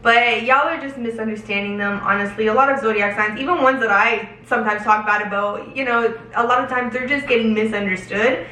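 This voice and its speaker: Young woman vlogger, chatty and emotional, fairly high voice, roomy home echo. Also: steady tone, sharp tone. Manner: emotional, candid, chatty, drawn-out emphasis. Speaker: lifestyle vlogger. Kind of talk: casual Q&A chat to camera. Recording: roomy echo, slightly distant from mic.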